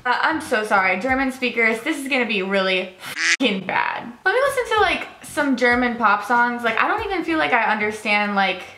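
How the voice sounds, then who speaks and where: A young woman vlogging casually while she writes a song, self-mocking and excitable, full of filler words. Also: on the high side, moderate pace, a little hiss or hum. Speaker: musician vlogger. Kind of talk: casual vlog chat. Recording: echoey room with music behind.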